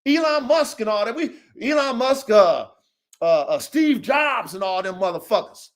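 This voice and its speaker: A man's voice: very high voice, animated, moderate pace. A man hosting a dog podcast livestream, delivering a heated, profane rant with repeated callouts. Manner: fiery, repetitive, swears a lot, keeps saying "O G". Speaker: dog breeder and podcast host. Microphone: livestream mic.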